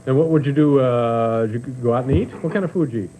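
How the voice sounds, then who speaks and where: A man hosting a late-night talk show, dry and halting with many filler pauses. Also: mid-range voice, over loud music, low-quality recording. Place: TV studio. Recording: hissy worn VHS tape.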